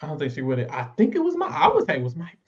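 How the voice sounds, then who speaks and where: Animated male co-host recapping a show; lively delivery, muffled lo-fi audio. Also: fairly high pitch, very fast. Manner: animated, acts out quotes in voices. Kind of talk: casual recap chat. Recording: dull lo-fi sound.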